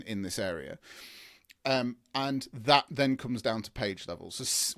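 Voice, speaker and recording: Guy rambling through an explainer, lots of restarts and lists, middle pitch. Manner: enthusiastic, rambling, frequent restarts and long lists. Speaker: SEO expert guest. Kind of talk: conversational explaining in an interview.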